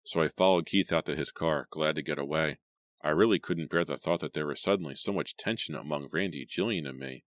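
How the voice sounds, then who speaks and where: A man reading a first-person horror novel aloud in a measured, steady way. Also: rumbling low, no room sound. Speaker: audiobook reader.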